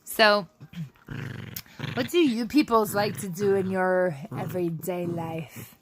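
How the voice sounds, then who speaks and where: A woman's voice: medium pitch, steady tone, takes it slowly, noisy background. A young woman vlogging casually at home, blunt and sarcastic as she rants. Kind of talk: casual chat.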